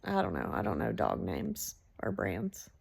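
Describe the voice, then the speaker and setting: A woman telling a story in a casual, animated way, swearing freely. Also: a bass voice, a little slow, gravelly, slightly rough. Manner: animated, swearing, laughs between lines.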